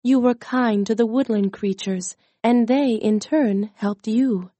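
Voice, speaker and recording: A woman reading aloud, voicing a gracious and kindly female fairy queen in a gentle, regal storybook manner. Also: a little high, slow pace, no echo.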